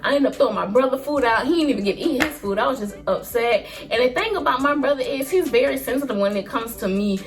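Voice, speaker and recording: A woman in her early twenties tells a personal story to her vlog audience in an animated, expressive, slangy way. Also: sits high, fast talker, few pauses, music in the background. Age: early 20s. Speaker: vlogger.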